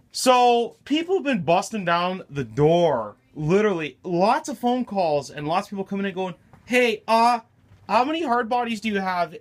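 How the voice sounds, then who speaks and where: A middle-aged man with a voice pitched a bit high for a man talks loosely to his viewers, wandering off on tangents and cracking jokes as he shows off shop stock. His delivery is chatty and unscripted, like a hobby shop owner's morning monologue. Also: fairly bright tone. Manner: rambling and joking. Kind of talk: casual vlog monologue.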